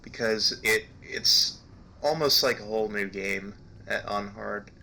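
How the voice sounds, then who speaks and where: A man's voice: fairly low pitch, measured pace, gravelly, sharp tone, a little hiss or hum. A young man commenting casually on a video game, hesitant with lots of ums and uhs. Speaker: let's play commentator.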